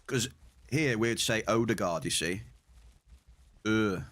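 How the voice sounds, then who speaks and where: A man's voice: fairly low pitch, slow pace, fairly bright tone. A man live-streaming a game, chatting casually and laughing at his own attempts to pronounce words. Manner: laid-back, chatty, laughs at own pronunciation.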